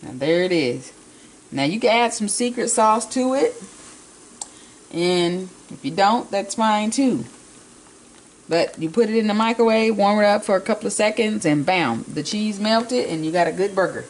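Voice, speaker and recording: A woman's voice: medium pitch, animated, normal speed, slight background noise, low-quality recording. A woman vlogger chatting casually as she assembles a burger in her home kitchen, talking in a homey way. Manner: homey, chatty, talks with mouth full. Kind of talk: casual cooking demonstration.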